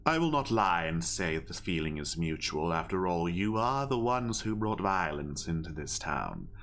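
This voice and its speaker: A man voicing a giant owl who leads a town, speaking slowly, formally and coldly. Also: low voice, very animated, a bit bright, slight background noise, exaggerated voice. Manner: slow, measured, formal.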